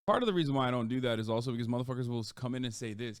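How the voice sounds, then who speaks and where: Smooth-voiced male streamer, cursing and rambling. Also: lively intonation, very fast, no echo, clean studio sound. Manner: profane, rambling, with sudden loud jumps in pitch. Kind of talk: casual live-stream chat.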